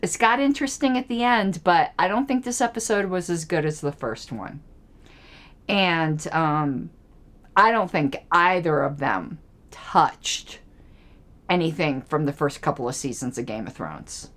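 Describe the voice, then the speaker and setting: A woman chatting on her own about a TV episode, her pitch rising and falling in lively swoops. She rambles, laughs easily, and mutters to herself while hunting for names she can't recall. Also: unhurried. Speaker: political commentary channel host. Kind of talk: casual solo TV episode discussion.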